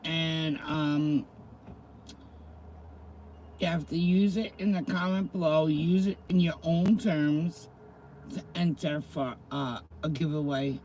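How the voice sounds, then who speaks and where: A man's voice: on the high side, slow, long pauses, darkish tone, a little hiss or hum, poor audio. A middle-aged man hosting a casual livestream, chatting with viewers, greeting them by name and reading slang terms aloud. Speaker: livestream host.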